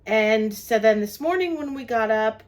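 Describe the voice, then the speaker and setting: A woman's voice: fairly high pitch, lively intonation, normal speed. An older woman from New Jersey, co-hosting a travel vlog and chatting about her day. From New Jersey, USA. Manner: chatty, lists the day's plans. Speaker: vlog co-host. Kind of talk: casual travel vlog chat.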